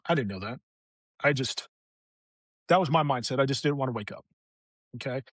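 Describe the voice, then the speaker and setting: A man's voice: mid-range voice, fast, no room sound. A middle-aged man, a veteran guest on a podcast, candidly recounting a hard personal story, raw and emotional, swearing freely.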